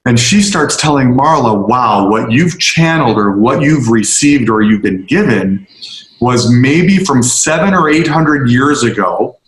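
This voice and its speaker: Male storyteller, earnest, slows down for emphasis; mid voice, roomy echo. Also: medium pitch. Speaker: speaker addressing a group. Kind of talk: storytelling talk to a group. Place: on location, roomy space.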